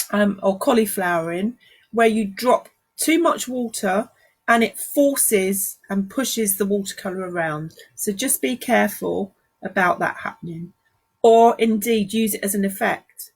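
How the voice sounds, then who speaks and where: A woman's voice: medium pitch, measured pace, slightly rough. A woman with a London accent giving a live watercolour painting lesson, chatting and greeting viewers as she works. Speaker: watercolour art teacher. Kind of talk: live-streamed painting demonstration. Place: art studio.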